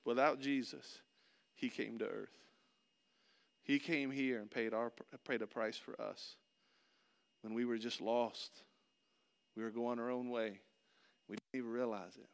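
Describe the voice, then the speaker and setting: A middle-aged man preaching a sermon, telling a personal story and swinging between loud excitement and hushed, soft passages. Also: medium pitch, creaky. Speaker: pastor. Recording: long hall reverb.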